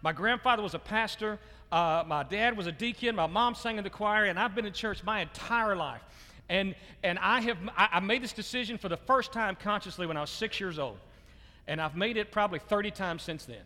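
A man's voice: high voice, bright, forceful tone, big-room sound. A man preaching a sermon to his church in a loose conversational way, repeating words as he restarts and chuckling often. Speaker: pastor. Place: church sanctuary.

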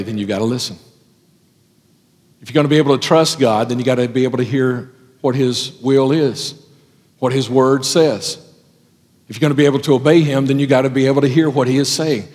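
A man preaching a sermon as pastor, folksy in his wording, swinging from loud exhortation to hushed tones. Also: mid-range voice. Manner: folksy, says ain't and gotta. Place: church sanctuary. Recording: long hall reverb.

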